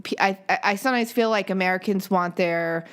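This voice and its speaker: A woman's voice: medium pitch, a little fast, clean tone. A woman co-hosting a casual podcast chat, blunt and opinionated with frequent swearing. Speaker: podcast co-host.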